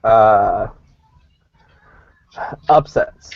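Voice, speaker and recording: A man's voice: on the low side, drawn-out words, gravelly, lo-fi sound. A man co-hosting a casual podcast about fighting. He retells events with animation and laughs often. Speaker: podcast co-host. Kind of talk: casual MMA chat.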